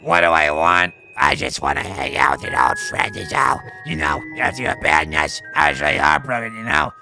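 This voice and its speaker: A man's voice: deep voice, sing-song, fairly quick, gravelly, music in the background, full character voice. A man voicing a sneering, cruel young bully who taunts and mocks in a live-streamed game reading. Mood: taunting. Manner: mocking and taunting.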